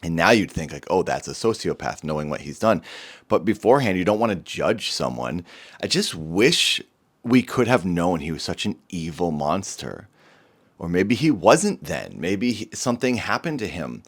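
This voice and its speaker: A man's voice: sits low, sing-song, normal speed. A man vlogger talking to camera in an earnest, somber way, rambling with many restarts. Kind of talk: personal talk to camera.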